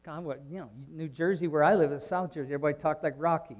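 A man from Canada preaching a sermon, swinging between soft asides and loud, emphatic exclamations. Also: fairly high pitch, steady tone, fast talker, hardly any pauses, long reverb tail. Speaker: pastor.

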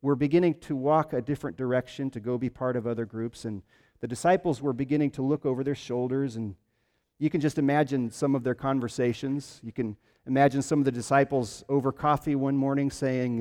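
A man preaching a sermon, telling stories with lively emphasis and frequent restarts. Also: mid-range voice, fairly quick, in a large hall. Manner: animated storytelling with repeated restarts.

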